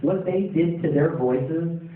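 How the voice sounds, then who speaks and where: Animated man telling stories in an echoey hall. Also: a little high, slow pace. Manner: animated storyteller acting out quotes and yells. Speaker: convention panel guest. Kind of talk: telling stories to a convention audience. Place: large convention hall. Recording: echoey, tinny, from far, noisy crowd. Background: crowd noise.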